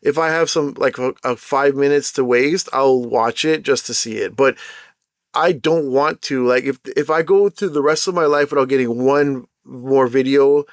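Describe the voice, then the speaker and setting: A man ranting casually in an exasperated, repetitive, animated way as a podcast host. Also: mid-range voice, normal speed, no echo, studio quality.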